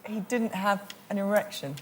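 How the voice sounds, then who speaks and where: A woman's voice: medium pitch, normal speed. A woman on a comedy quiz panel, giving brief, matter-of-fact answers. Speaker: panel show contestant. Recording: noisy studio.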